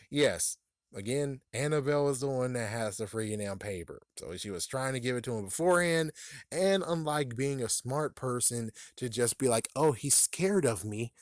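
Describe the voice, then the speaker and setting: A man reviewing a book, ranting in an exasperated way, swearing often and laughing a lot, his voice shooting up high when he is outraged. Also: darkish tone, no room sound, clean studio sound.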